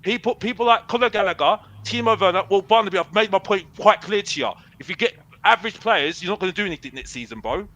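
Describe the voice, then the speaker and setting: A man's voice: high-pitched, fast, few pauses, a bit bright, rough recording. A young man, calling into a football fan show, ranting defiantly and repeating himself, dropping "bruv" a lot. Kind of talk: heated fan rant.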